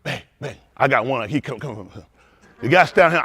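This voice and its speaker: A man preaching a sermon as pastor, telling stories with lively calls out to his congregation. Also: medium pitch, a little fast, breathy edge.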